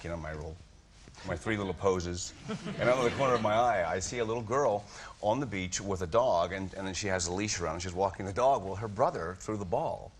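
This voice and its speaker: A man telling stories as a talk show guest, acting out voices as he goes. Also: low-pitched. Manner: animated storyteller, acts out voices. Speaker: celebrity guest. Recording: noisy studio audience.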